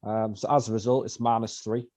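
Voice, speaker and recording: A man's voice: on the low side, flat delivery, a little fast, darkish tone. Man with dry asides. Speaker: podcast co-host. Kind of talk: casual wrestling review chat.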